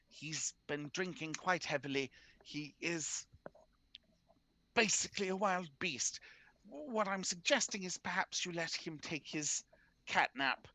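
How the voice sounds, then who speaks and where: A man's voice: a little high, pushed and bright, no echo. A man playing a tabletop game, speaking in a formal, courtly way with hesitant fillers. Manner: formal, courtly in-character speech. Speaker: tabletop player.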